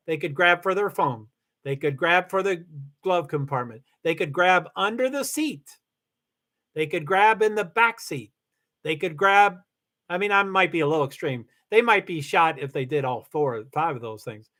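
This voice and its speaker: Rambling middle-aged man streaming, fairly high. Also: fairly bright tone. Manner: rambling, restarts often, swears when heated. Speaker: livestream host reading chat. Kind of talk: casual chat.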